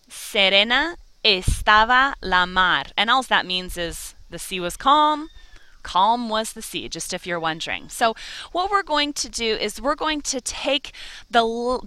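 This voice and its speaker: A woman's voice: mid-range voice, bright, forceful tone, smooth, no echo. A woman teaching a Spanish lesson, encouraging and carefully over-articulating each vowel. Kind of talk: slow, clear language lesson.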